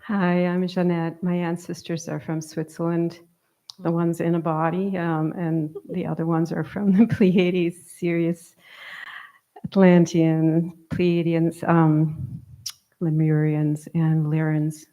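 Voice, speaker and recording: A woman's voice: on the low side, flat delivery, takes it slowly, mellow. A woman introducing herself to a group, listing things in a matter-of-fact way. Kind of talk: casual self-introduction.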